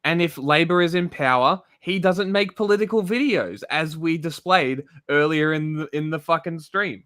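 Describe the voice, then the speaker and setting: Australian man, streamer, blunt profane rant, fairly high voice. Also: normal speed, a bit bright, dry recording, clean studio sound. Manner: blunt, heavy swearing, exasperated. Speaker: streamer reacting to a video.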